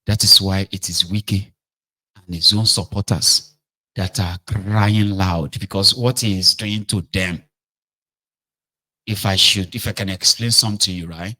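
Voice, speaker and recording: A man's voice: deep voice, fairly even intonation, a little slow, pushed and bright, poor audio. Man giving casual political commentary. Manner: conversational, mixes in Pidgin, checks in with "okay? right?".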